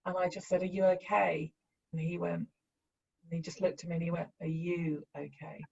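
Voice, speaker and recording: A woman earnestly recounting a personal story, halting and acting out the lines of the people she quotes. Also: fairly low pitch, flat delivery, creaky, a little mellow, husky, highs cut off. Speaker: bereaved mother sharing her story.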